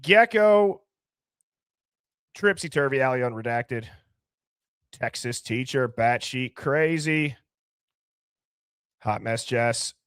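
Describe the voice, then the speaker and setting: A man's voice: fairly high pitch, clear, resonant tone, dry recording, clean studio sound. Chatty man hosting a live call-in stream. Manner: rapid shout-outs, playful and chatty. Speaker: live call-in show host. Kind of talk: casual live-stream chat.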